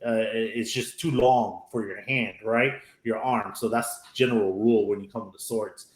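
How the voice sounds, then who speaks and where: A man's voice: lowish voice, fairly even intonation, moderate pace. A man hosting a podcast who chats casually and rambles, tagging his points with "right?". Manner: rambling, tags lines with "right?". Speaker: podcast host. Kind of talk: casual chat. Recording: roomy echo.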